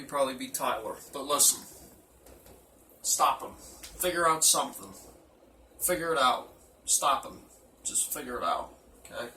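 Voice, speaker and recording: A man rambles through a profane, mock-gruff locker-room roll call. His voice is bright and fairly high, heard from a distance in an echoey room. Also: a little hiss or hum. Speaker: team manager giving a speech.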